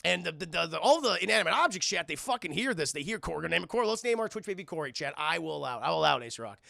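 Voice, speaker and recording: Gravelly, bright-voiced male streamer. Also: a little high, racing, no room sound, clean studio sound. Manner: profane, animated, keeps addressing chat. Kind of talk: casual film recap.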